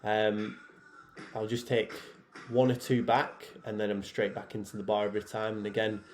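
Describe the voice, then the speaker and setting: A man who is both a head programmer and an athlete chats casually over footage of his own workout, relaxed and full of fillers. His pitch is fairly low, his pace moderate, and soft music plays in the background.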